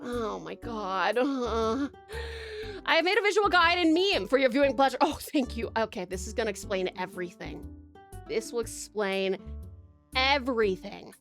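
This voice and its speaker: With a slightly high, fairly bright voice, a young Australian VTuber from Tasmania chats live with her viewers. She's giggly and bubbly, says hi to people in chat by name, and calls them babes.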